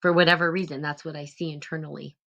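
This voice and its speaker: A woman with a low, deep-set voice hosts a relaxed spiritual live stream. She muses gently and rambles, with plenty of fillers and restarts as she thinks aloud. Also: fast, creaky, lo-fi sound.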